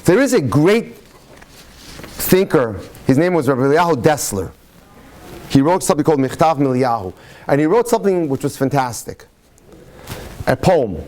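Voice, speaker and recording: A rabbi lecturing to an audience in a room, his voice sitting a little high for a man. He tells jokes and stories in an animated way, rushing some phrases and stretching others for effect. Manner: animated storytelling, speeds up and slows down.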